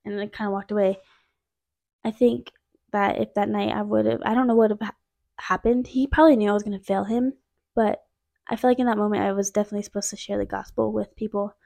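A woman's voice: medium pitch, steady tone, fast talker, vocal fry, mellow. A young woman hosting a podcast, telling a personal faith testimony in a casual, chatty way, with many fillers and asides to her listeners. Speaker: podcast host.

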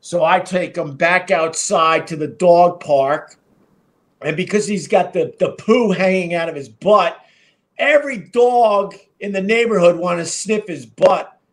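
A man's voice: high voice, a little slow. A middle-aged man hosting a live stream, telling a story casually with a rambling, profane delivery full of fillers and restarts. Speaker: podcast and live stream host.

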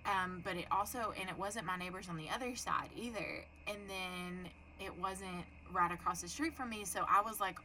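A young adult woman tells a story on a podcast. Her voice is bright and clear. She swears freely and acts out the people she talks about, with a faint hum of noise behind her. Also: lowish voice, moderate pace, few pauses, low-quality recording. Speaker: podcast co-host. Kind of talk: casual chat, storytelling.

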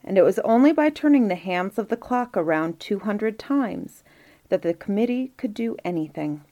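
A woman reading a fairy tale aloud as storyteller, calm and measured. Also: medium pitch.

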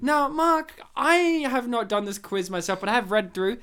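A young man co-hosting a podcast in casual chat, jokey and quick to laugh. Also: high-pitched, expressive, sharp tone, smooth. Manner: jokey, laughs often, slips into silly put-on accents. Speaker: podcast co-host.

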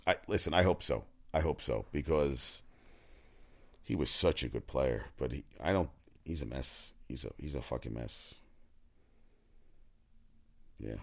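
Man, very low voice, casual sports talk, rambling, profane, opinionated. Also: lively intonation, moderate pace, long pauses. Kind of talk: casual sports commentary monologue.

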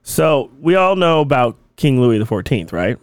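A man's voice: mid-range voice, very animated, moderate pace, clear, resonant tone, no room sound. A man hosting a casual comedy podcast, joking around and hamming it up. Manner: joking, hammy, breaks into mock French greetings. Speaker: podcast host.

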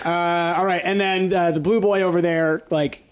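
A man's voice: high-pitched, steady tone, normal speed. A man running a tabletop game as game master, rambling with many fillers and restarts.

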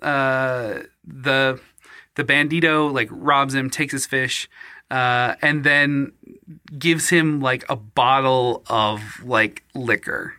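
A man's voice: medium pitch, fairly even intonation, slow pace, bright, forceful tone, smooth, no echo, clean studio sound. A man casually retelling a legend to a co-host, rambling with lots of fillers. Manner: rambling, filler-heavy, slips into mock-archaic reading voice. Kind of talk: casual chat, storytelling.

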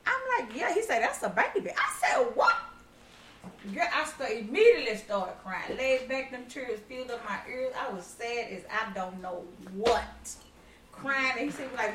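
A middle-aged woman tells family stories with a lively, swooping voice. She acts out every quote and laughs as she goes. She sits a good way from the mic in a room with a lot of echo. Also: fairly high pitch, moderate pace. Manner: animated storyteller, acts out quotes, laughs often. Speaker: mother telling her story. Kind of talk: casual family chat. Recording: roomy, far from the mic, faint noise.

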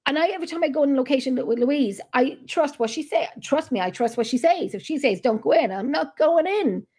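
A woman with an Irish accent hosting a casual chat, telling stories in an animated way on a video call. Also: high voice, fairly quick. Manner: chatty storyteller, animated retelling. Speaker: host.

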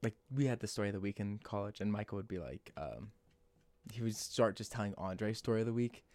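A young man in his twenties chatting casually, full of fillers and quick to chime in. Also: lowish voice, a little mellow, no room sound. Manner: fast, filler-heavy, chiming in. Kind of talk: casual chat.

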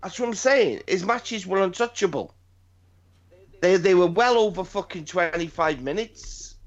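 A podcast host with a high-sitting voice chats about wrestling in an animated yet unhurried way. His talk is rambling and profane, full of repeated words, and the audio is dull and lo-fi.

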